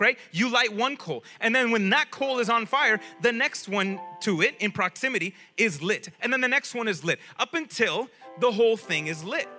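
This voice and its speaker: Animated high-voiced male preacher. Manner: animated preaching, asks the audience questions; casual speech. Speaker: pastor. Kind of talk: sermon.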